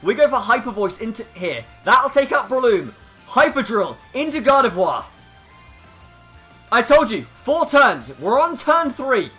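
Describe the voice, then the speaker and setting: A man giving excitable live commentary over his own competitive video game battle. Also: very high voice, unhurried, faint music behind. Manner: excitable, hyping up big plays.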